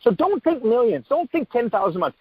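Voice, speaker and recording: A man giving an energetic motivational training talk on a call, full of rhetorical questions and repeated phrases. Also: very high voice, fairly quick, slightly rough, no room sound. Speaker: network marketing trainer hosting a call. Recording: dull muffled call audio, dry.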